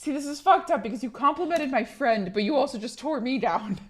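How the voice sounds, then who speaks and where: Hoarse woman streamer chatting. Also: high-pitched, brisk, background noise. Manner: chatty, profane, laughing, reading chat aloud. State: hoarse from being sick. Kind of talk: casual live-stream chat.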